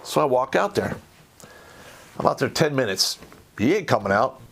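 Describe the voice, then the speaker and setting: A middle-aged American man spins a foul-mouthed yarn in blunt, casual talk. His voice sits at an ordinary pitch for a man, and it jumps up loud and animated whenever he acts out the scene. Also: moderate pace, gravelly. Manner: blunt, swearing, animated when reenacting. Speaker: podcast host. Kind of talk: profane storytelling.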